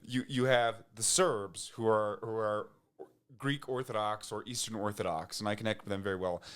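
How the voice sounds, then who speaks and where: A man's voice: lowish voice, normal speed, smooth. A man, a podcast guest, talking in a loose casual way with many restarts and fillers. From United States. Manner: rambling, frequent restarts and fillers, laughs when excited. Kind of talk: casual conversation.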